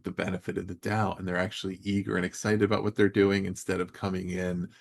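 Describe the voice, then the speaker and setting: Low gravelly-voiced male podcast host. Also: level tone, quick pace. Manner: emphatic, builds points in lists. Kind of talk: conversational interview.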